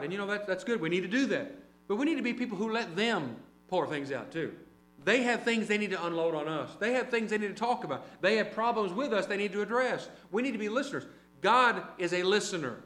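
High-voiced man preaching in echoey room. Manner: conversational, anecdotal, varies loudness widely. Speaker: preacher and teacher. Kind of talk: sermon. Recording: roomy hall with mains hum.

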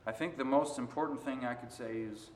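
A man preaching a sermon, moving between quiet stretches and loud, emphatic passages. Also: mid-range voice, fairly quick, a little hiss or hum. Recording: roomy echo.

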